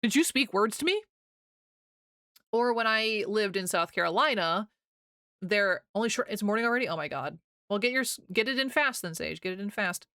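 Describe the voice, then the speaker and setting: A woman's voice: mid-range voice, a little fast, pushed and bright, smooth, no echo, studio quality. A young American woman streaming live, chatting casually with her viewers, rambling and laughing often as she reads chat aloud.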